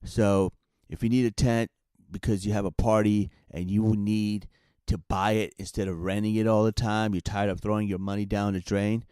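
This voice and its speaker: A man reading a commercial spot in a plain, direct salesman pitch. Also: flat delivery, moderate pace, warm tone, clear, resonant tone, no room sound, clean studio sound. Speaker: ad reader.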